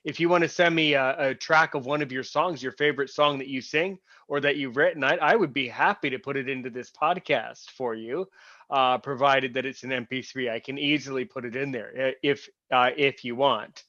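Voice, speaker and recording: A man's voice: medium pitch, fairly even intonation, moderate pace, bright, forceful tone, no room sound, highs cut off. A man hosting a podcast, talking to his guest in a friendly, encouraging way. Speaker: podcast host. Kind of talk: casual podcast interview.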